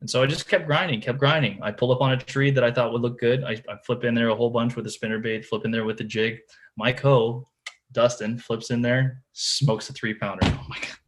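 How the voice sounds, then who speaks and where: A podcast guest tells a casual story about tournament fishing, speaking briskly in a mid-range voice with fairly even intonation. He says "like" and "dude" a lot and frequently restarts his sentences, repeating words along the way.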